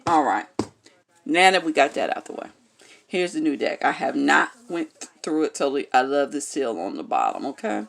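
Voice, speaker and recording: A woman's voice: low-pitched, big pitch swings, normal speed, creaky. A woman reading tarot cards in a casual vlog, talking bluntly and frankly, swearing freely and checking in with her viewers as she goes. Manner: keeps checking in with "okay?". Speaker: tarot card reader.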